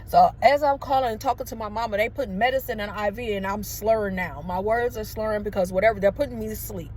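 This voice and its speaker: A woman's voice: mid-range voice, fairly quick, a little mellow. Emotional woman telling a personal story. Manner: emotional, conversational, addresses viewers as y'all. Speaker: vlogger. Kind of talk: storytelling to camera.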